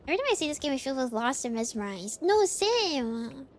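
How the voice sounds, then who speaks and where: A woman streamer chatting casually with her chat while gaming, animated and giggly. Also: high-pitched, a little fast, slight background noise.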